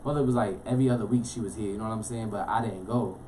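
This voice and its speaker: A young man from Florida, a guest telling his life story in a casual, animated way, full of street slang. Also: lowish voice, slight background noise. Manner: fast, animated, streetwise slang, frequent "you know what I'm saying". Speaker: interview guest.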